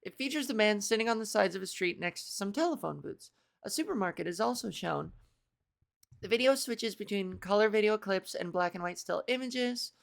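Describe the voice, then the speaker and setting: A woman's voice: mid-range voice, animated, brisk, gravelly. A woman in a casual reaction commentary, chatty and self-mocking, swearing now and then while she reads aloud and reacts. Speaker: video creator.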